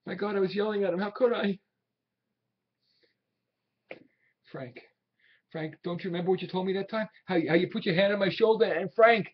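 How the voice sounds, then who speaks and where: A husky, worn-out aging salesman in a film drama, proud and desperate. His voice sits a little high and slightly breathy. The sound is dull, like an old film soundtrack. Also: fairly even intonation, quick pace. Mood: shaken. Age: 60s. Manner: pleading, swinging between quiet reminiscing and shouting.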